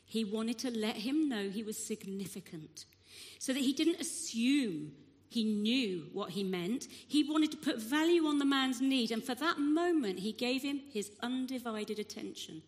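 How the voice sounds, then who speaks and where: Woman preacher, slightly high voice, expressive storyteller, long hall reverb. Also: measured pace. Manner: expressive storytelling, acting out the crowd's shouts. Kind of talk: sermon.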